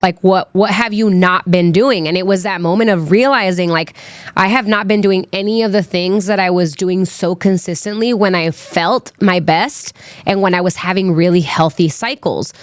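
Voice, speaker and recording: Speaking at a moderate pace in a lowish voice, a young adult woman hosts a casual solo podcast and recounts a personal story candidly, with lots of "like" and "um." The recording is dry.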